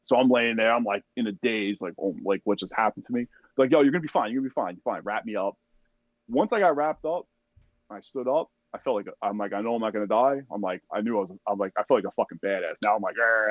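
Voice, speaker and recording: A low-voiced man tells a war story in a loose, profane way, jumping into other people's voices as he goes. The sound is dull and lo-fi, and the room is dry and close. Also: no echo. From United States. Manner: profane, animated, acts out quoted voices. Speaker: podcast guest, army veteran. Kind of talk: casual storytelling.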